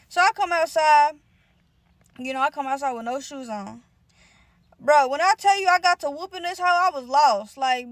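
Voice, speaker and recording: Profane, animated young woman storyteller. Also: high voice, normal speed, no room sound. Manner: animated, profane, acts out quoted lines. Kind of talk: casual storytime vlog.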